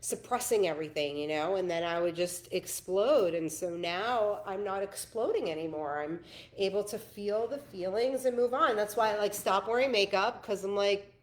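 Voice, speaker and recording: A woman's voice: mid-range voice, normal speed. A woman in her thirties hosting a casual coaching call, earnest and emphatic, laughing often. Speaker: host, spiritual coach.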